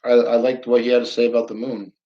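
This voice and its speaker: A man's voice: medium pitch, little pitch movement, fast, highs cut off. A man hosting a live stream, chatting casually with viewers, reading their comments aloud and repeating himself as he rambles.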